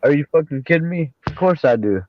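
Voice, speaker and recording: A man's voice: fairly high pitch, expressive, quick pace, dull audio, slight background noise. A man in a casual chat, joking and heckling crudely. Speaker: chat guest.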